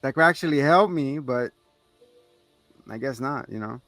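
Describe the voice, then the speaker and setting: A man's voice: mid-range voice, moderate pace, a bit bright, no echo, soft background music. A man hosting a podcast, casually recapping a movie scene by scene, swearing freely and acting out the characters' lines in a raised voice. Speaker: podcast co-host.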